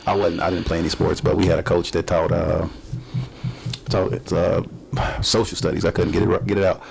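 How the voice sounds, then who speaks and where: Gravelly deep-voiced man hosting. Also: level tone, a little mellow, a little hiss or hum. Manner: rambling, halting, many restarts and fillers. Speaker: podcast host. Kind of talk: casual interview.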